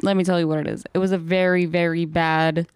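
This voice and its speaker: A woman's voice: on the low side, little pitch movement, a little fast, clean tone, no echo. A woman co-hosting a casual movie review podcast, blunt and teasing, swearing freely. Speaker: podcast co-host.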